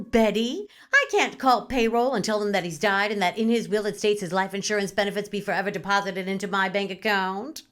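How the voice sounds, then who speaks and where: A woman's voice: medium pitch, a bit bright, close to an everyday voice. A woman voicing an outraged, gossiping woman complaining about a coworker on the phone, in an exaggerated, indignant rant. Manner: exaggerated, indignant, rapid ranting.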